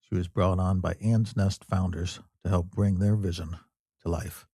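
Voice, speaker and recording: A male podcast host speaks in a very low, husky voice. He keeps the chat easygoing and folksy, dropping fillers as he goes. The sound is close and dry. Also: steady tone, normal speed, dark tone, dry recording. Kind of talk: casual interview chat.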